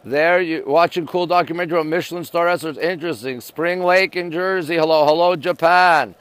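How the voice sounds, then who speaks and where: Outdoors at night on a city rooftop deck, an upbeat Canadian livestream host reads viewer comments and greets people one by one. His smooth voice, a little high, fairly quick and a bit bright, comes through dry from a phone held at arm's length.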